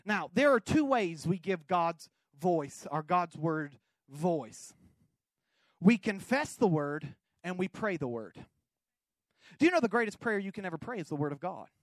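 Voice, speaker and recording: A male pastor preaching a sermon, moving from quiet storytelling to exuberant shouting. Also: high-pitched, no room sound.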